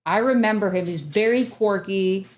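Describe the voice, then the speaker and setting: A woman co-hosting a casual podcast chat, blunt and animated, swearing freely as she talks as a parent. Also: mid-range voice, normal speed. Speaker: podcast co-host; parent of an autistic child.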